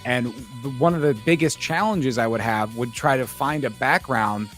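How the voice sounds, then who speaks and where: Mid-pitched man telling stories casually. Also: normal speed, soft background music. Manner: storytelling, animated when making a point. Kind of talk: casual chat.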